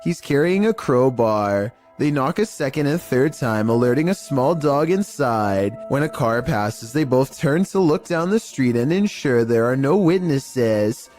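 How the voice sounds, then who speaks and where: A man giving scripted narration of eerie video clips in a measured, even storytelling delivery. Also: mid-range voice. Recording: faint music bed under voice.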